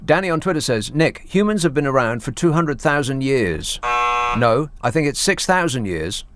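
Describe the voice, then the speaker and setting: A man hosting a talk radio show, bantering in a sarcastic, deadpan way. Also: medium pitch, normal speed, slight background noise. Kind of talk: solo talk radio chat.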